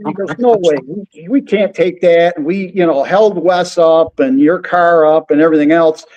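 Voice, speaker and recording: A man's voice: on the high side, normal speed, dull audio. A man who backs race teams, telling a story in casual radio chat and acting out the quotes. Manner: animated storytelling, quotes others.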